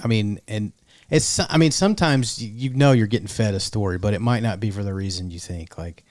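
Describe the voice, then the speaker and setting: A man co-hosting a casual podcast, thinking out loud in a hesitant way with lots of fillers. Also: on the low side, brisk, no echo, clean studio sound. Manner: musing, hesitant, lots of "like" and "you know". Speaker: podcast co-host.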